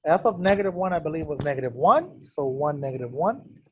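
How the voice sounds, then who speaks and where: A man's voice: fairly high pitch, lively intonation, fairly quick, fairly bright tone, a little hiss or hum. A man teaching a math class in a casual, joking way, keeps quizzing his students. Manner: joking, self-deprecating. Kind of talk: classroom lecture. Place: classroom with students also on a video call.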